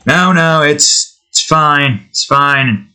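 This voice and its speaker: A man's voice: on the high side, takes it slowly, sharp tone, clear, resonant tone. A man hosting his own channel, chatting casually to himself as he draws, trailing off and thinking aloud. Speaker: channel host drawing on stream. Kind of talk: casual rambling commentary while drawing.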